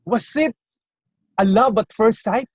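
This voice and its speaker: Slow, earnest man giving a contest speech. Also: high voice, husky, no echo, dull audio. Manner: slow, earnest, personal storytelling with pauses. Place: at home on a video call. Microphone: computer or phone mic on a video call.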